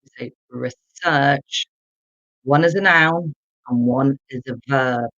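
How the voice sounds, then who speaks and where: An English teacher runs a live online lesson, repeating key words for learners to copy and speaking directly to viewers in the chat by calling on them. The voice is mid-range and a bit bright at normal speed, with a dry, dull-sounding recording.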